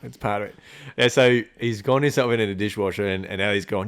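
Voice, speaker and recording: An Australian man co-hosting a podcast, telling animated stories in casual chat, swearing freely and laughing often. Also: fairly low pitch, fast, smooth. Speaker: podcast co-host.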